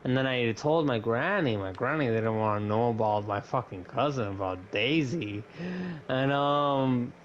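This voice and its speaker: A man's voice: medium pitch, measured pace. A young man talking casually on a podcast, telling a long story and swearing as he goes. He acts out the lines of other people. The mic sounds dull and lo-fi, with faint hiss behind him. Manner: animated, swears often, acts out quotes. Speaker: podcast co-host.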